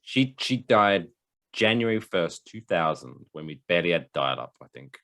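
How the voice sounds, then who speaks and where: A man's voice: low-pitched, moderate pace. A man with an English accent co-hosting a podcast, rambling and joking in casual chat. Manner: rambling, jokey, with animated asides. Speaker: podcast co-host.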